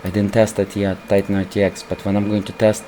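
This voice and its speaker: A man with a voice worn hoarse from recording, casually commenting over his gameplay as a PC gaming channel host and calling his viewers "guys". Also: lowish voice, monotone, fairly quick, dark tone, a little hiss or hum, poor audio. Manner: keeps calling the viewers "guys", rambling with restarts.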